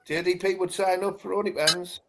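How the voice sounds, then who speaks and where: A man's voice: sits high, fairly even intonation, brisk, background noise. A man co-hosting a casual streamed chat, bantering, swearing and laughing often. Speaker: co-host.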